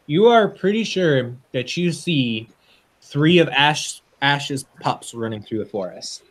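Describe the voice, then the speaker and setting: Lively-voiced man running a tabletop game. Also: fairly high pitch, slow. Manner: relaxed, chatty, many ums and laughs. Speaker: game master.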